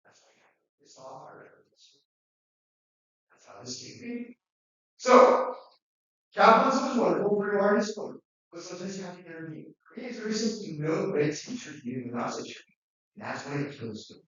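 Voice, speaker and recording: Male lecturer, lively and conversational; slightly high voice, distant dull recording. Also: fairly quick, very echoey. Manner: conversational, animated, acts out quotes. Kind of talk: classroom lecture.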